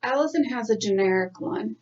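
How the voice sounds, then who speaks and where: A woman's voice: on the high side, animated, a little fast, a little mellow, far from the mic. A chatty woman co-hosting a podcast, rambling through stories and laughing often. She sits back from the mic, and the sound is dull and lo-fi. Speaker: podcast co-host. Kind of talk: casual chat.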